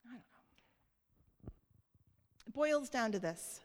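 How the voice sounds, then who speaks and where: A woman preaching a sermon in church, earnest and light, often laughing softly and checking in with the congregation. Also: fairly high pitch, animated, slow. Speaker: church speaker. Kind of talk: sermon on giving. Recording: long hall reverb.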